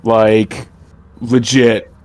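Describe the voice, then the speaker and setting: A man's voice: lowish voice, level tone, extremely slow, no room sound. A man playing a tabletop roleplaying game, speaking casually and hesitantly out of character. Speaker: player.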